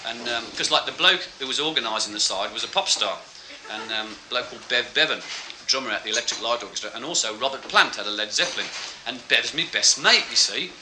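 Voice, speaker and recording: A man's voice: medium pitch, fast talker, noisy background. A man telling a rambling, self-mocking stand-up story with laughing asides. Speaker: stand-up comedian.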